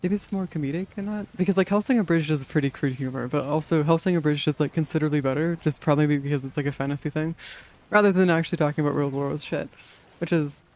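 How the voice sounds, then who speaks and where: A man's voice: a little high, fast, a little mellow. A young man streaming a game in casual chat, rambling with many fillers, swearing and laughing often.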